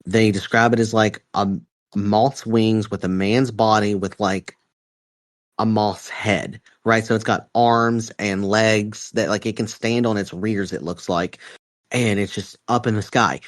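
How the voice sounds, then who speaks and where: A man's voice: lowish voice, fairly even intonation, measured pace, no room sound. A man from West Virginia, telling a story casually on a podcast in a rambling, profane way with lots of fillers. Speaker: podcast host.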